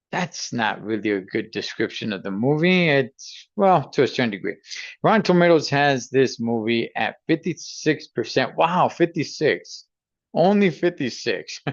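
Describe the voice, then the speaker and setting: A man's voice: mid-range voice, dry recording, lo-fi sound. Casual man chatting through a review. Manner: loose and chatty, many fillers and restarts, laughs now and then. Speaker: movie reviewer.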